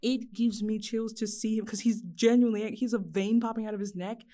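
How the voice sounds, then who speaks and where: A woman's voice: a little high, brisk. A woman co-hosting a casual podcast chat, eagerly retelling a movie plot and acting out the characters' lines. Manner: excited, recaps plots while acting out characters' quotes. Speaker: podcast co-host.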